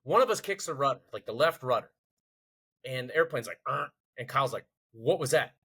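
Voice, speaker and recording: A man's voice: mid-range voice, fairly quick, breathy edge, poor audio. A man telling a funny military story in casual chat, acting out the others' lines in a raised voice. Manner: animated, acts out quotes with rising voice. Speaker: podcast host.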